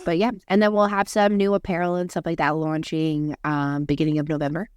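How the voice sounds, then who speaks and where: Young woman, hoarse, monotone, casual podcast chat, lower voice. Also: fairly quick, no room sound, clean studio sound. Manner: flat, monotone delivery. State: hoarse from losing her voice. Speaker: podcast co-host.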